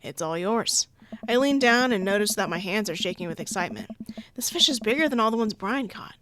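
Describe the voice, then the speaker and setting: Excitable young woman gaming streamer. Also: mid-range voice, fast, a crowd in the background. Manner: playful and excitable, laughs often, swears, yells at the game. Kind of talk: casual let's-play commentary reading game text aloud.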